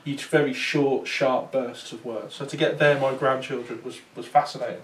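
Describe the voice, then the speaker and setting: His voice sits in the mid range, steady in tone and at a normal speed. The man, a paranormal investigator, chats through a story for a small audience, often restarting and using fillers, and the distant recording carries room echo.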